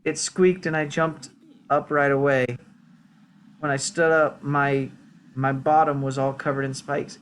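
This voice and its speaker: A man's voice: fairly high pitch, little pitch movement, measured pace, a bit bright. A man voicing an ailing male peasant in a game, pleading in a raised, whiny voice. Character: ailing male peasant who sat on spikes.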